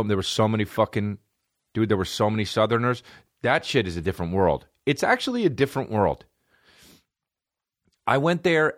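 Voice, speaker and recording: Male podcast host, low voice with wide swings in pitch, dry close sound, loose and profane. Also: dry recording. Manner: profane, rambling, animated. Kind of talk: casual comedic monologue. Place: podcast studio.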